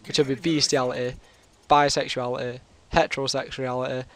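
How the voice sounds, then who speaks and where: A man's voice: medium pitch, flat delivery, a little fast, slight background noise. Chatty British guy with a sore throat. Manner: rambling, chatty, full of fillers. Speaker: gaming commentator. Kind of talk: casual storytelling over gameplay.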